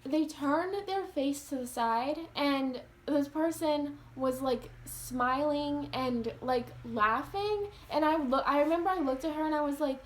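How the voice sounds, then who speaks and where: A woman's voice: sits high, unhurried, hardly any pauses. A young woman vlogger telling a personal story to her viewers in an earnest, casual way, full of "like" fillers. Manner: earnest, heavy use of "like".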